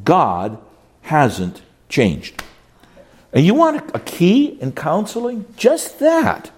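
A man, a pastor, teaching a counseling class in a lively, stop-and-start lecture style, often repeating words as he goes. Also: high voice. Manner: animated, repeats words while searching for phrasing; reads scripture aloud slowly.

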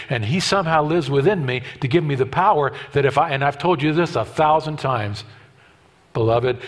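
A man in his fifties preaching a sermon, emphatic and repetitive, swinging from loud declarations to hushed asides. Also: a little high, lively intonation, moderate pace. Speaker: pastor.

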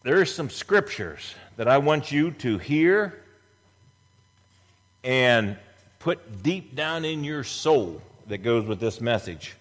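A man preaching a sermon as pastor in a church, animated, acting out scripture scenes in voices. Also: medium pitch, slow, long reverb tail.

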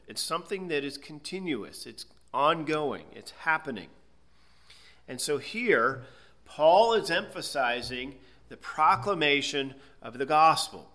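A fairly high, pushed and bright male voice belongs to a Bible teacher. In his expository lecture he proceeds methodically, defining words step by step and checking with listeners by saying "okay?".

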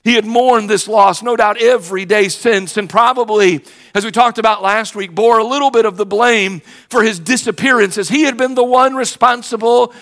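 A middle-aged pastor preaches at normal speed, his high voice a bit bright. Telling a personal story conversationally, he voices the characters as he recounts their exchanges.

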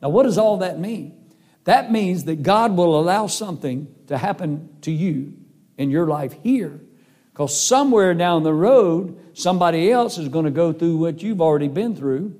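A man's voice: on the high side, lively intonation, normal speed, darkish tone. A middle-aged man preaching a sermon in an earnest, folksy, emphatic way. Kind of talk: sermon with personal story.

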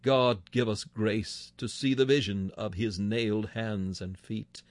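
A man's voice: lowish voice, fairly even intonation, unhurried, no room sound. A man reading a sermon aloud in a solemn, formal manner, rising to emphatic declamation. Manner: old-fashioned, formal scriptural phrasing. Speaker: preacher.

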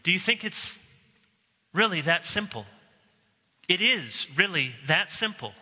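A man preaching a sermon as a pastor, earnest and emphatic, with slow dramatic pauses. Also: high-pitched, very animated, sharp tone, slightly rough. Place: church sanctuary. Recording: long reverb of a large hall.

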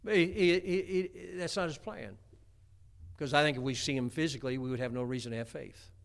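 A man's voice: a little high, fairly quick, vocal fry. Folksy man preaching a sermon. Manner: homespun, chatty, many restarts and stammers.

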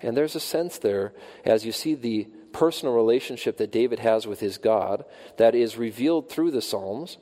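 A man preaching a sermon with a mellow, relaxed tone. His voice climbs and slows for emphasis when he voices the psalmist's pleas. A long reverb trails every phrase, as in a large hall. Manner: rises in pitch and volume when quoting the psalmist's cries, slows for emphasis. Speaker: pastor.

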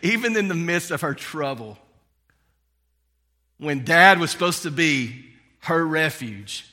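Male pastor, casual storyteller, forceful bright tone, reverberant church hall. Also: a little high, lively intonation, slow. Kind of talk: sermon with personal story.

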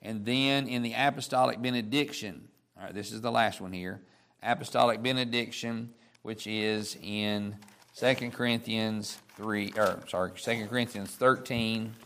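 A man teaching a Bible study lesson, reading verses slowly and deliberately, then explaining in a casual way with fillers. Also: fairly low pitch, steady tone, fairly bright tone.

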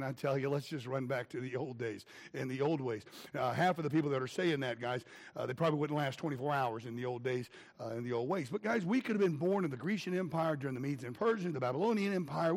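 A man's voice: on the high side, gravelly, husky. A man preaching a conversational, rambling sermon in a church, calling the congregation "guys" and "man". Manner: folksy, rambling, calls listeners "guys" and "man".

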